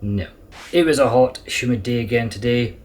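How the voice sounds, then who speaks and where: A man's voice: medium pitch, moderate pace. A tired middle-aged man, speaking in a laid-back, dry manner in a casual video diary. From Scotland. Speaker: vlogger on a motorbike tour.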